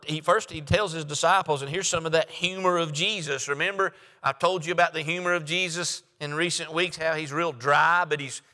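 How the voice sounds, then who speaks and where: A man's voice: fairly high pitch, sharp tone. A man preaching a sermon in a folksy way, repeating phrases and acting out the dialogue of the story. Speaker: pastor. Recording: long hall reverb.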